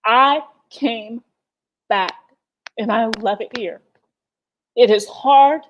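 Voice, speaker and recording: A woman's voice: fairly high pitch, takes it slowly, lo-fi sound, slight background noise. A woman from the United States, hosting a livestream in passionate, profane talk full of emphatic repetition, teary-eyed. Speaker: livestream host.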